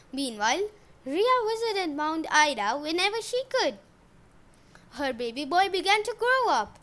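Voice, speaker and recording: Slow, high-voiced woman telling myths. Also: a bit bright. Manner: jokey asides, modern slang. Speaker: podcast host and storyteller. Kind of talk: casual myth storytelling podcast.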